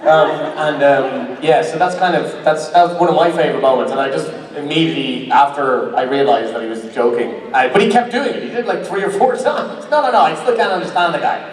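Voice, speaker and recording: A man's voice: fairly high pitch, a little fast, hardly any pauses. Laughing storyteller man in a roomy hall. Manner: playful, swearing, laughing storyteller. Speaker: actor on a convention panel. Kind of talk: casual panel storytelling. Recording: echoey hall recorded from far off with crowd.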